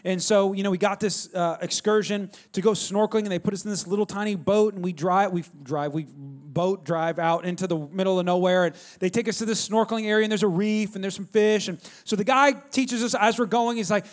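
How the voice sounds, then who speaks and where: A middle-aged man preaching a sermon, telling a story in an animated way and calling out to the congregation. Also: high-pitched, fast, few pauses. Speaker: pastor.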